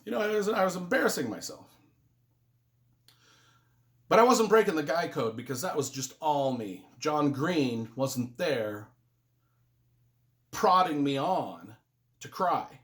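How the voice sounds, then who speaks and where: A man's voice: a little high, lively intonation, unhurried, pauses often, fairly bright tone. Man, earnest book reviewer, casual and emotional, voice rises and falls a lot; rambles and restarts. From United States.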